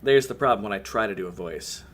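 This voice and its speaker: A man's voice: lowish voice, expressive, fast talker. A man with a strained voice giving livestream commentary on a game, scolding the little colonists on screen and swearing at them. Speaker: game streamer.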